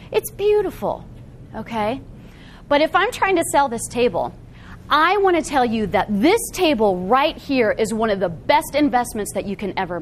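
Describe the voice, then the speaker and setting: A woman presenting to a live audience in a meeting room, her fairly high voice swinging widely up and down. She keeps things animated and checks in with the room again and again. A faint hiss sits under her voice. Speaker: workshop presenter. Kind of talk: live seminar talk to an audience.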